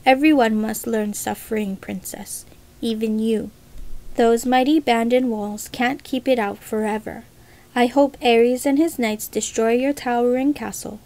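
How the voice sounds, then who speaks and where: Lady reading as cocky village boy, defiant n mocking, soft mellow tone. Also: on the high side, fairly even intonation, measured pace. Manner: bold, mocking. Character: defiant proud young village man.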